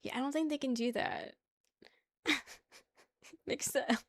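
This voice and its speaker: A woman's voice: high voice, measured pace, gravelly, no room sound. Chatty New woman streamer, dry sound. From New York. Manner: chatty, laughs a lot, argues playfully with chat. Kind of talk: casual live-stream chat.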